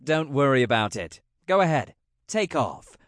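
A man's voice: mid-range voice, big pitch swings, moderate pace, no room sound, studio quality, close to an everyday voice. A man voicing a cheerful magical double of a king in an audiobook, agreeable and welcoming. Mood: hearty.

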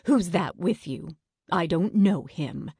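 A woman voicing a sharp-tongued, sickly old great-aunt who scolds and bosses the children in a storybook reading. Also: lowish voice, expressive, takes it slowly, breathy edge, no echo, clean studio sound, full character voice. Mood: sour. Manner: scolding, bossy.

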